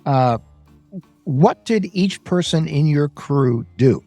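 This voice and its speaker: Podcast host guy asking careful questions, pitch jumps around, faint music behind. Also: lively intonation, slow, dark tone, dry recording. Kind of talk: interview questions.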